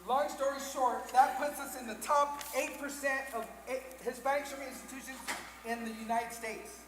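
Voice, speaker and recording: A woman's voice: high-pitched, fairly even intonation, normal speed. A woman presenting at a reception, upbeat and playful, joking through the technical glitches. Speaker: event presenter. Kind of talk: lively speech at a reception. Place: large reception hall. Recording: echoey hall with faint background noise.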